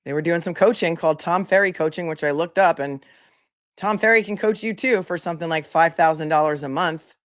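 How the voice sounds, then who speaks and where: A woman's voice: on the low side, a little fast. A woman attorney giving casual commentary, chatty and incredulous, reading posts aloud. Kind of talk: casual commentary on a legal case.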